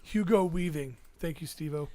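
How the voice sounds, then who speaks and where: A man co-hosts a relaxed podcast chat, tossing in quick one-liner jokes. His voice sits high for a man. He speaks in short bursts between the others. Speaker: podcast co-host. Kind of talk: casual chat.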